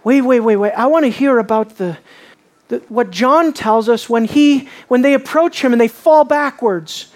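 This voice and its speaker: A man preaching a sermon, asking his listeners questions and dropping low and quiet on key lines. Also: moderate pace. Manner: asks the audience questions.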